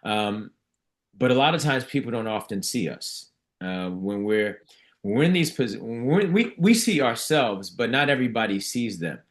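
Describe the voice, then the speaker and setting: A middle-aged man, a physician and author, telling stories in a relaxed, reflective way and often restarting his sentences. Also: mid-range voice, moderate pace. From United States. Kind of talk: conversational storytelling in an interview.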